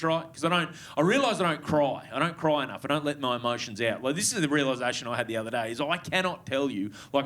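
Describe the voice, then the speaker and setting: A man's voice: on the high side, a bit bright. A man in his thirties with an Australian accent, performing a stand-up comedy set in a chatty, sweary way with lots of tag questions. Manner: conversational, swears freely, frequent tag questions. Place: comedy club stage with live audience.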